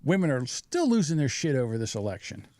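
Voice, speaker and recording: A man's voice: medium pitch, big pitch swings, fairly quick, warm tone, dry recording. Male podcast co-host, teasing and provocative, plain mid voice, dry booth sound. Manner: joking, provocative banter. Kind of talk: casual chat.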